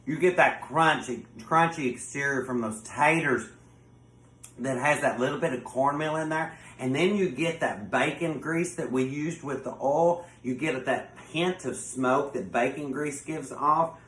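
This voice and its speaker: A man's voice: mid-range voice, measured pace, a bit bright. A man with a Southern US accent hosting a home cooking show, folksy and effusive, calling his viewers honey. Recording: echoey room.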